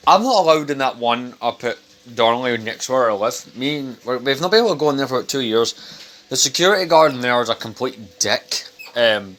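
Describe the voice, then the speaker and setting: A man's voice: mid-range voice, a bit bright, slight background noise. A young man vlogging at home over dinner, talking casually in a rambling, blunt and sweary way. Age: young adult. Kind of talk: casual chat to camera.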